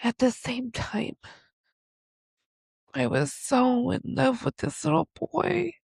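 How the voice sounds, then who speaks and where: A woman hosting a podcast, recounting something painful in a slow, confessional way. Her voice is strongly gravelly with fry and sits fairly high, rising and falling widely as she speaks. The sound is dry and close. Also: animated, darkish tone, no room sound. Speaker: podcast host. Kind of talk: reflective personal storytelling.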